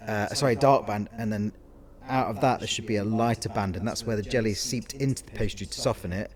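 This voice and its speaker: A man's voice: lowish voice, brisk. A man co-hosting a casual podcast as a caterer, explaining things in detail with asides and self-corrections. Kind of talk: casual chat.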